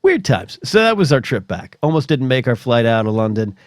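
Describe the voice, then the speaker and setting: A man's voice: mid-range voice, very animated, a little fast, no room sound, studio quality. A middle-aged man hosting a solo podcast, telling stories in a rambling, chatty way full of asides. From United States. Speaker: podcast host.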